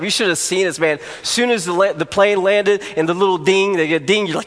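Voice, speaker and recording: High-voiced pastor preaching in a reverberant hall. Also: male voice, brisk, few pauses. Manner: storytelling, rising to animated exclamations for comic effect. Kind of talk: sermon with a personal story.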